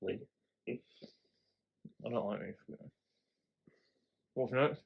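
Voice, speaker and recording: A man's voice: mid-range voice, extremely slow, gravelly, breathy edge, dull audio. A man telling stories on a podcast, laughing often and swearing freely. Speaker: podcast co-host. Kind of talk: casual chat, storytelling.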